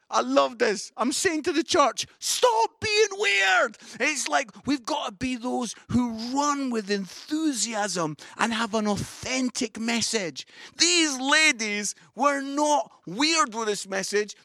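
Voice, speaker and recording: Man, enthusiastic sermon, bright tense tone, dry recording. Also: very high-pitched, creaky, no room sound. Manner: animated, enthusiastic preaching with loud exclamations. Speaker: pastor. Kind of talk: online sermon.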